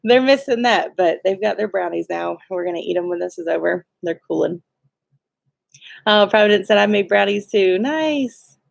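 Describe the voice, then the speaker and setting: A woman's voice: medium pitch, expressive, moderate pace, vocal fry, no room sound, clean studio sound. A woman, co-hosting a homestead livestream and cheerfully greeting viewers by name with frequent laughs. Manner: cheerful, laughs often, reads viewer names.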